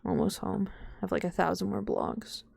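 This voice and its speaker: A woman's voice: medium pitch, steady tone, normal speed, vocal fry, a little mellow, breathy edge, dry recording. A young adult woman streaming a game from home, rambling and swearing casually and laughing often as she chats to viewers. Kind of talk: casual gaming stream chat.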